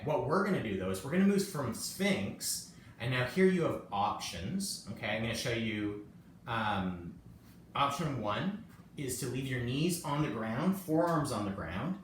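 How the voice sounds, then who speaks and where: A man guides a relaxed yoga session in a very echoey room, heard from a camera mic set well back. His talk is loose and chatty, full of little self-deprecating jokes, with a faint hiss under it. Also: medium pitch, recorded from a distance. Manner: chatty and self-joking, laughs often. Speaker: yoga teacher. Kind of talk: casual live-streamed yoga class.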